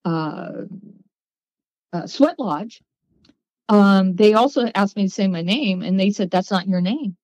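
A woman guest on a podcast, telling her story in a lively way and acting out the voices of people she quotes. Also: medium pitch, measured pace, pauses often, no echo, low-quality recording. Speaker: guest, psychic.

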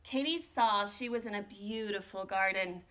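A woman art teacher reading a children's picture book aloud with an expressive, animated delivery. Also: mid-range voice, normal speed. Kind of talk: storybook read-aloud.

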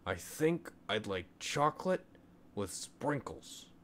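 A man's voice: fairly low pitch, sing-song, slow, a bit bright, a little hiss or hum, full character voice. A man doing a whiny little boy. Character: whiny little boy who loves ice cream. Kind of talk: storybook reading.

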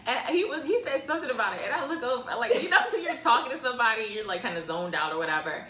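Lively, bright-voiced woman co-host. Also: fairly high pitch, quick pace. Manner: laughs often, animated storytelling. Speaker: podcast co-host. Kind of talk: casual chat. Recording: roomy echo, faint room noise.

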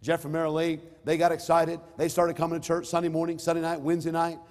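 A man's voice: a little high, completely flat delivery, fast talker, a little mellow. A middle-aged male pastor preaching a sermon, mixing scripture with a personal story, emphatic and rising and falling in force. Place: church sanctuary. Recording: reverberant hall.

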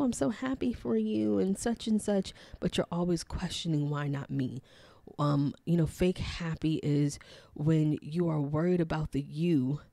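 Low-voiced earnest woman podcast host. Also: warm tone, dry recording. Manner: reflective, earnest, with many fillers and repeated phrases; acts out quoted voices in a higher pitch. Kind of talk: solo motivational podcast talk.

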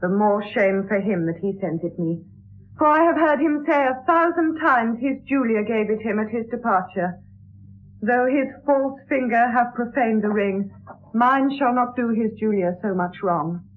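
A woman's voice: a little high, animated, a little slow. A proud, stately young noble lady. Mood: dignified. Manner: dignified, firm, stately delivery. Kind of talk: 1960s radio drama verse acting. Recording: tinny lo-fi 1960s radio broadcast.

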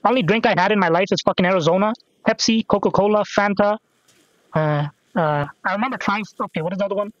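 A young man with a high voice chats loosely while gaming, swearing, joking and cutting himself off mid-thought. The recording is dry and a bit dull and lo-fi. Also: fast talker, fairly bright tone, no room sound. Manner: rambling, profane, jokey, self-interrupting. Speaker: gaming podcast host. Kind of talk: casual rambling chat while playing.

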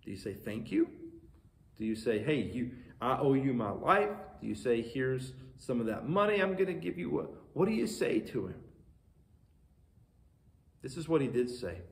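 A man preaching a sermon, reading scripture and retelling it in a conversational, animated way with questions to the listeners. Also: mid-range voice, normal speed, gravelly, reverberant. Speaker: pastor.

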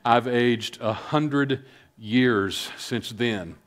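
A middle-aged man giving a filmed public talk, speaking earnestly and haltingly with many fillers, calm and reflective. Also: medium pitch. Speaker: speaker on suicide prevention.

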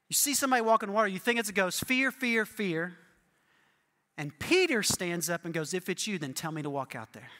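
A male pastor preaching a sermon with animated storytelling, often asking listeners "right?". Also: high-pitched, in a large hall.

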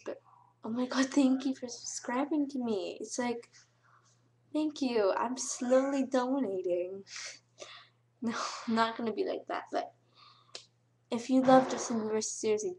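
A woman's voice: fairly high pitch, gravelly, a little mellow, a little hiss or hum. Giggly teenage girl gushing on camera. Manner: gushing, breathless, giggly, on the verge of tears. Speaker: vlogger. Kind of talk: excited casual vlog thanks.

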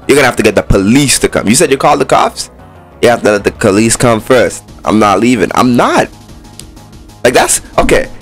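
A man with a fairly low voice gives jumpy let's play commentary, arguing with the game as he plays. His pitch leaps around a lot as he flips between cocky bravado and scared outbursts. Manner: jumpy, talks back to the game, swings between boasting and panic. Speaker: gaming YouTuber.

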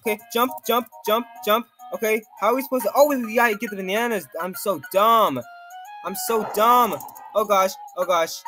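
A high-pitched man commentating his gameplay as it happens, jumpy and easily startled. He talks to himself and to his viewers in a stream of nervous exclamations. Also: moderate pace, faint music behind. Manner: jittery and excitable, constant nervous exclamations. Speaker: gaming video creator.

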